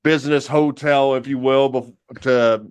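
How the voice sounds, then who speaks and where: A man's voice: mid-range voice, steady tone, measured pace, clear, resonant tone. A man co-hosting a podcast, telling a rambling, filler-heavy comic story in casual banter. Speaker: podcast co-host.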